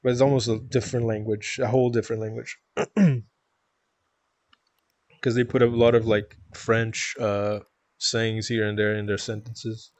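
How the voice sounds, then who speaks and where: A man's voice: lowish voice, flat delivery, a little slow, long pauses, a little mellow, dry recording. A man from Toronto with a Canadian accent, chatting casually on a live stream, reading chat aloud, rambling and laughing often.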